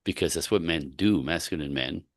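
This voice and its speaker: A man working as a relationship coach, talking in a podcast conversation and stressing his points by listing them slowly. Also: a bass voice, no room sound, studio quality.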